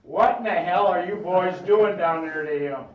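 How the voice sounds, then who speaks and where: A man's voice: medium pitch, lively intonation, slow pace. A stern mother scolds her rowdy boys in a man's retelling. The voice comes from across an echoey room. It is dull and lo-fi. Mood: scolding. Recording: echoey room, distant mic, dull sound.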